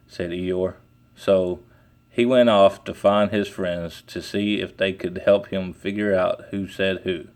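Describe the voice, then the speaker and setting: Man reading a kids book out loud, low voice, really slow. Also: steady tone. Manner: slow and deliberate. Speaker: storybook reader. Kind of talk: children's book read aloud.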